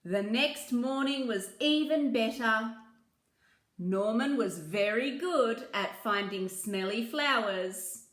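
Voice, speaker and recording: A woman reading a children's picture book aloud, slow and gentle, with asides about the pictures. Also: a little high, echoey room. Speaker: children's story reader.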